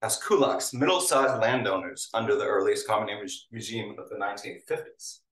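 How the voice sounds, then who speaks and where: Low-voiced man lecturing in an echoey room. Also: animated, fairly quick, fairly bright tone. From Hungary. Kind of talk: academic talk with slides. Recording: roomy sound, mic at a distance.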